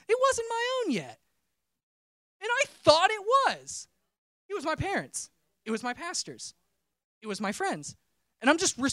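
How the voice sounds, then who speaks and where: A man with a very high-pitched, fairly bright voice preaches a personal testimony, recorded dry with studio quality. He tells his story casually and conversationally, often breaking off mid-sentence and starting over.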